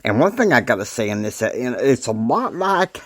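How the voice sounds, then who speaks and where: A man's voice: mid-range voice, big pitch swings, moderate pace, no echo, poor audio. A man casually narrating a homemade family story, rambling with many fillers and laughs.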